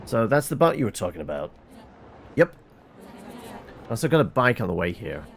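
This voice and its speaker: A man reads through a game's dialogue himself, voicing each character with lots of ups and downs in his pitch. He stumbles now and then with fillers and restarts. A faint hiss sits under the voice. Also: sing-song, brisk, creaky. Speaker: game reviewer reading dialogue. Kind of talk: reading game dialogue aloud.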